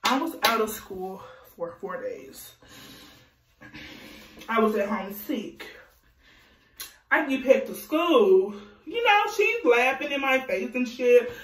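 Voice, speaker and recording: A young adult woman telling a casual storytime vlog, animated and profane, laughing often. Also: fairly high pitch, takes it slowly, pauses often, recorded from a distance. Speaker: vlogger. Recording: echoey room, voice off-mic.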